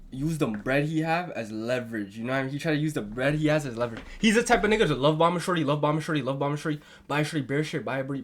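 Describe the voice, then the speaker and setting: A male streamer reacts to a video in loose, casual chat. He is excitable and swears freely, and his voice sits a little above the usual male pitch.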